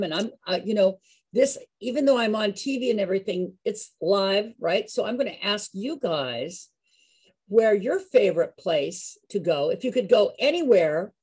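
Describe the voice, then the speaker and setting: A woman's voice: mid-range voice, darkish tone, slightly rough. A woman leading a live singing and movement class, upbeat and coaxing as she calls on people by name.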